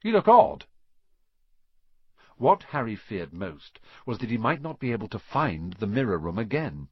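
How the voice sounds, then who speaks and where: A man narrating a story in an expressive reading voice, dropping to a hush at quiet moments. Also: on the low side, normal speed, slightly rough, dry recording, muffled recording. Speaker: audiobook narrator.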